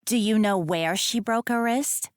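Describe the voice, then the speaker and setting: A woman's voice: mid-range voice, measured pace, clean tone, no echo, clean studio sound, lightly acted. A woman voicing a mischievous older sister in a romance audiobook, with a sly, sickly sweet way of speaking.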